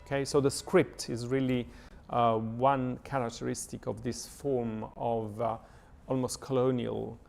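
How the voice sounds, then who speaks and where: Halting man lecturing, gravelly voice. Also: mid-range voice, little pitch movement, a little mellow, soft background music. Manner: thoughtful, many hesitations and fillers. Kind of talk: lecture reading and analyzing a poem. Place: church lecture.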